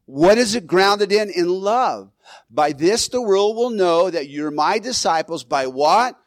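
A man's voice: sits high, lively intonation, measured pace, no echo. A man preaching a sermon as pastor in a church, in a loose conversational way with restarts and the odd chuckle.

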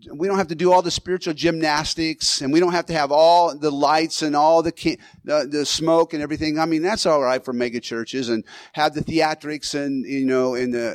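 A man's voice: on the high side, no echo. A man preaching a sermon as pastor in a church, in a loose conversational way with restarts and the odd chuckle.

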